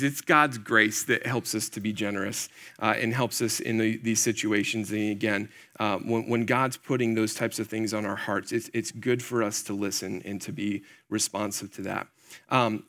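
A young man preaching a casual sermon, talking to his congregation as if chatting with friends. His voice is bright and forward, and his pitch sits in an ordinary middle range. He fills his speech with "like" and "okay?" and makes quick asides to people in the room. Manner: chatty and conversational, full of fillers and asides to the audience. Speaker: pastor.

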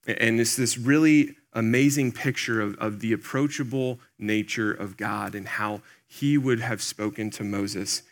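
A man's voice: on the low side, fairly even intonation, measured pace, few pauses. A man giving a conversational sermon as a pastor, earnest and plain-spoken, talking straight to the congregation with lots of "like" and "um". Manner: earnest, speaks directly to the congregation; loose and plain-spoken, with many "like" and "um".

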